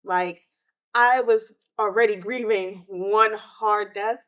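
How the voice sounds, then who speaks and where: A woman, hosting a podcast and telling a personal story of grief in an emotional, animated way. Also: medium pitch, slow pace. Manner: emotional, animated retelling with quoted outbursts. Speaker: podcast host.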